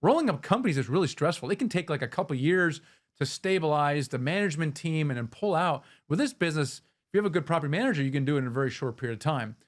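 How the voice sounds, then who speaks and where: A man's voice: a little high, animated, fast. A male host interviewing a guest, talking enthusiastically and often restarting his phrases. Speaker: podcast host. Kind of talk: interview conversation.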